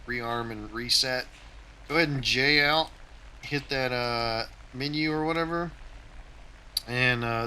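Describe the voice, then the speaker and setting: A man's voice: medium pitch, bright, forceful tone, a little hiss or hum, rough recording. A man hosting his own gaming channel, giving a casual, tactical play-by-play of his flight game as he plays.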